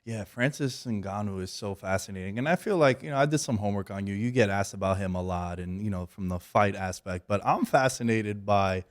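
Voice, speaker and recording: A man's voice: on the low side, a little fast, hardly any pauses. A man hosting a podcast, asking questions in an easygoing, chatty way. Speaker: podcast host. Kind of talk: casual podcast interview.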